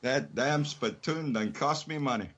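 A man's voice: mid-range voice, measured pace, fairly bright tone, muffled recording, voice pushed up. A man voicing a stubborn, easily riled Cajun bar owner in a joke, with a folksy drawl and a Cajun accent. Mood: indignant.

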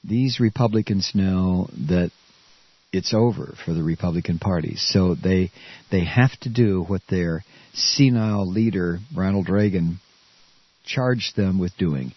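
A man's voice: deep voice, a little slow, breathy edge, no room sound, lo-fi sound. A man hosting a radio talk show, ranting furiously with stammers and profanity. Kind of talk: angry political rant.

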